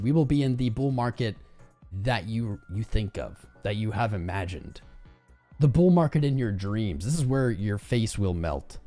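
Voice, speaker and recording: A young man hosting a crypto trading livestream, ranting casually and talking straight to his viewers with slang like "man" and "bro". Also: medium pitch. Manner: animated, slangy, talks to viewers as "guys" and "man".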